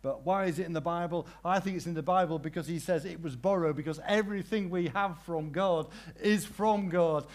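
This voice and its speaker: Man preaching with dramatic hushed-to-loud swings. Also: fairly high pitch. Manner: drawn-out, emphatic phrasing with repeated questions. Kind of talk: sermon.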